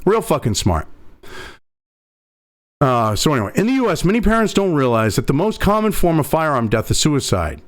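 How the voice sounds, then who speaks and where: A man's voice: fairly high pitch, big pitch swings, normal speed. A male host delivering a profane, angry political commentary rant full of sarcasm. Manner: angry, sarcastic, swears constantly.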